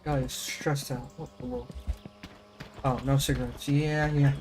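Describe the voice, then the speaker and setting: A man's voice: mid-range voice, level tone, measured pace. A young American man chatting casually on a game live stream, rambling and sounding out foreign words as he plays. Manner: rambling, self-questioning, trying out German words.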